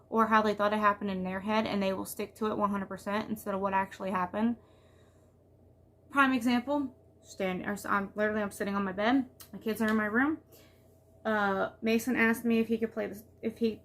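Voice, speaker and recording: A woman with a slightly high voice, rambling and venting as she talks to her camera. She is a mother sharing everyday frustrations in loose, casual vlog talk full of "like.". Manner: rambling, venting, heavy use of "like". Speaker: vlogger and mother.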